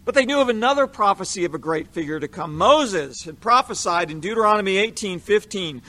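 A man giving a measured, explanatory Bible teaching, leaning into the verses he quotes. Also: high voice, lively intonation, pushed and bright.

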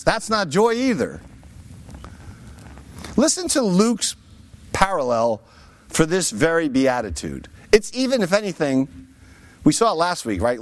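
Animated, high-voiced male preacher. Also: no echo. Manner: animated preaching with rhetorical asides. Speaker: pastor. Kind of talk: sermon.

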